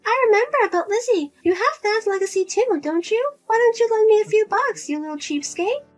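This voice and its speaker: Woman voicing a pushy mother, high-pitched, lively, wheedling, guilt-tripping, family drama. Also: a little fast, soft background music. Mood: nagging, whiny. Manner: nagging, pleading, guilt-tripping. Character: pushy middle-aged mother, whiny and money-grabbing.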